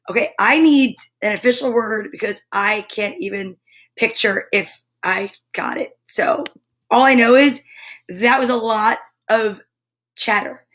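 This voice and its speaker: A woman's voice: a little high, measured pace, a bit bright. A woman hosting a casual live show, chatting playfully with viewers and reading a tongue-twisting sentence aloud. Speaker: show host. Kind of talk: upbeat live-stream chat.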